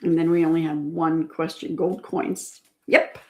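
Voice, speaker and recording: A woman with a low voice that barely varies in pitch and runs a little slow hosts a casual trivia chat online. She reads out viewer answers and patiently repeats every question.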